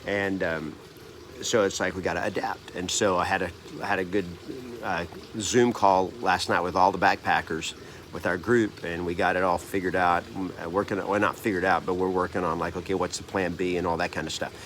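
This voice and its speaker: A man's voice: deep voice, little pitch movement, fairly quick, a bit bright, slight background noise. A man in his fifties, a coach, telling a personal story to camera in an earnest, rambling way, restarting and correcting himself often. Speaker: real estate trainer and coach.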